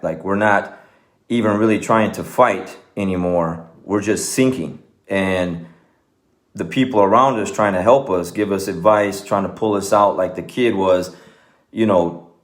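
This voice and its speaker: A man, a martial arts coach, talking casually and earnestly to his viewers, rambling with many fillers and restarts. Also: sits low. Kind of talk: casual talk to camera.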